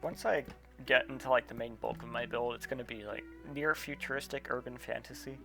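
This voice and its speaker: A man's voice: mid-range voice, fairly even intonation, fairly quick, vocal fry, bright, forceful tone. A man in a casual gaming chat, wry and teasing with his friends. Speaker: friend on game server. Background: game music.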